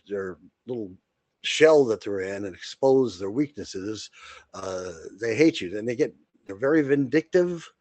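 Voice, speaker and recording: A man's voice: mid-range voice, darkish tone, dry recording. A man co-hosting a podcast, talking in a blunt, rambling way with frequent restarts and fillers. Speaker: podcast co-host. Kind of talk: casual monologue.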